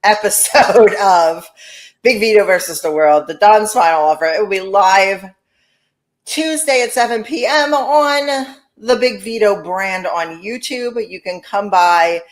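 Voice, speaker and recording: A woman's voice: medium pitch, measured pace. A woman co-hosting a casual podcast chat. She laughs often, swears freely and mimics other people mid-story. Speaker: podcast co-host.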